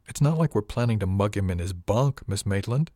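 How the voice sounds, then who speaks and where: A man's voice: fairly low pitch, expressive, a little fast, warm tone, dry recording, studio quality. A man voicing a tough, blunt woman on a ship's crew who talks casually and defiantly in an audiobook reading. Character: tough, blunt female crew member, unafraid to fight.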